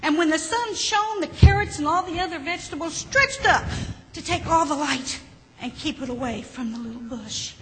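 A woman reading a children's story aloud, gently and expressively. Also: high voice, moderate pace. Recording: hall with faint background noise.

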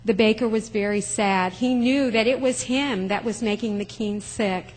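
A woman telling a children's story in church, in a simple, expressive way, heard in a church hall. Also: mid-range voice, moderate pace. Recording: long hall reverb.

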